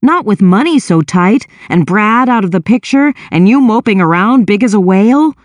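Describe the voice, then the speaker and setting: A woman's voice: mid-range voice, lively intonation, no room sound, clean studio sound, lightly acted. A woman voicing a guilty, defensive younger teenage brother who whines and hurries to justify himself. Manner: whining, sheepish and quick to justify himself.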